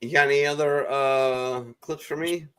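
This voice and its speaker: A man's voice: on the high side, steady tone, normal speed, a bit bright, clean tone. A married man co-hosting a casual sports chat, laid-back and joking. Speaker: podcast co-host.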